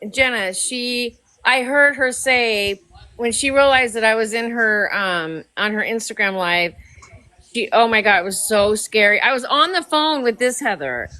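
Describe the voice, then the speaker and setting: A woman's voice: on the high side, sharp tone. A woman hosting a casual group chat, gossiping and laughing often.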